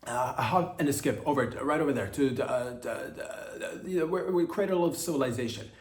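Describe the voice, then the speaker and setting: A man hosting a comedy podcast, delivering a meandering satirical monologue full of halting restarts and mock-serious asides. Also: medium pitch. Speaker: podcast host. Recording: roomy echo, mic at a distance.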